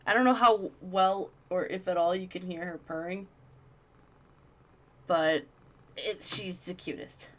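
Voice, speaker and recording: Slow-talking woman streamer cooing to her cat. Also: fairly low pitch, a bit bright. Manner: cooing affectionately to her cat between reading passages. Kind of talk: live game stream chat.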